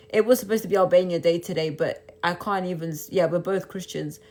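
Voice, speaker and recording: A young woman on a phone live stream, reading and answering viewer comments, shifting into taunting, indignant rhetorical questions. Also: mid-range voice. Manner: switches between English and Albanian, taunting and indignant; rapid, repetitive rhetorical questions. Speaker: livestreamer.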